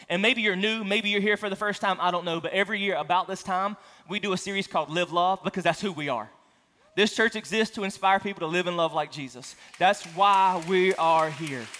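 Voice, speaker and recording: A male pastor with a high, bright, forceful voice delivers a conversational sermon in a reverberant church sanctuary. He tells stories casually, with self-deprecating humor, and the hall reverb is long.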